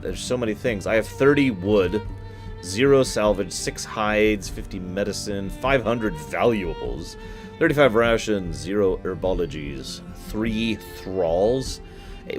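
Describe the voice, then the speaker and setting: A man streaming a game, joking casually and reading game text aloud. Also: on the low side. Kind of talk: casual let's-play commentary.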